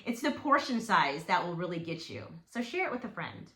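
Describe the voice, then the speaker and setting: A woman's voice: on the low side, very animated, fairly quick, a bit bright. A woman vlogging about weight loss in an encouraging, playful, motivational way. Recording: echoey room with faint noise.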